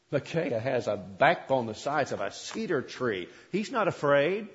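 A man's voice: medium pitch, very animated, a little slow, few pauses, long reverb tail, highs cut off. A male preacher retelling a scripture story in a conversational sermon style, often repeating his words.

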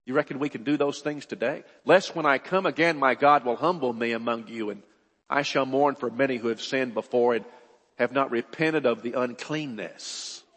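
Male preacher, husky, mid-pitched, earnest with emphatic bursts; reverberant church hall. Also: normal speed, a bit bright. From United States. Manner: earnest, repeats words, rises to emphatic bursts. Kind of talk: sermon.

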